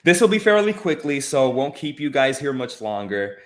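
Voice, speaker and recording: A man hosting a casual film podcast, animated and repeating phrases for emphasis. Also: medium pitch, moderate pace. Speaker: podcast host. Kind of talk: casual chat.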